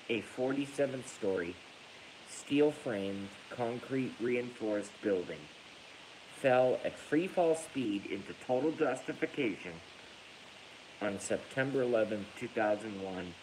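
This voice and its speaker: Angry ranting host, low voice, drawn-out delivery, faint hiss behind. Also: male voice, animated, a little mellow, low-quality recording. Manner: angry, profane, breaks into laughter. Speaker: livestream host reading viewer comments. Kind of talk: ranting livestream monologue.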